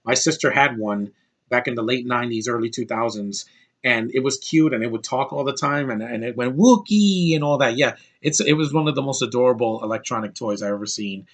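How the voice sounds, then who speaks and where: A man's voice: mid-range voice, a little fast, fairly bright tone. Casual male reviewer in his thirties, rambling and blunt, swears freely, ordinary mid-range voice. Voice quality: rambling, blunt and profane, with frequent restarts. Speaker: movie reviewer. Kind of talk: casual spoken movie review.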